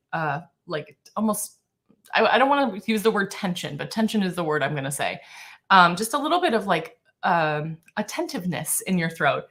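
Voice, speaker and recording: A female vocal coach runs a live-streamed singing warm-up, chatting in a relaxed way with plenty of fillers and bursting into high sung exercises.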